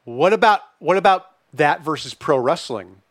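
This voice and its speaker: A man's voice: a little high, moderate pace, no echo, studio quality. A man hosting a casual podcast chat, swearing freely and reading out listener questions. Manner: animated, profane, reads listener questions. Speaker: podcast host.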